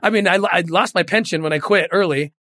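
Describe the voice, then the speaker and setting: A man's voice: high voice, brisk, sharp tone, no room sound, studio quality. A middle-aged man, a guest in an interview, telling a moving story earnestly and often repeating words when moved.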